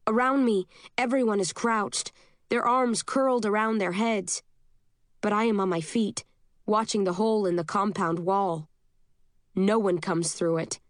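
A woman narrates a first-person novel as an audiobook, steady and measured at medium pitch. The clean studio sound has no echo.

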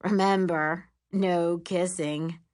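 A woman's voice: fairly low pitch, steady tone, slow pace, a little mellow. A woman voicing a dry, teasing teen girl at camp in an audiobook.

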